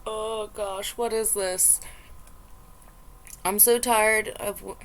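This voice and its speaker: A woman talks through online posts at a slow, unhurried pace. Her pitch sits in the middle of the range, and she reacts with plain exasperation and disbelief. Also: sharp tone. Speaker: reddit reaction vlogger. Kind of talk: casual reaction commentary.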